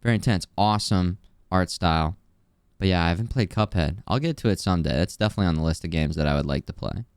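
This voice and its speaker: Deep-voiced man streaming games casually. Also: fast talker, clear, resonant tone, no room sound, studio quality. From Missouri, US. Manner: relaxed, chatty, playful with mock drawls. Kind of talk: casual live gameplay commentary.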